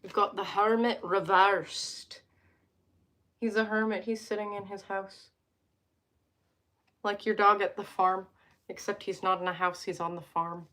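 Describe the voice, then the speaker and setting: A woman's voice: mid-range voice, level tone, normal speed, pauses often, bright, forceful tone. A young woman hosting a casual live stream from home, reading tarot cards and chatting with viewers, joking and wandering off into asides.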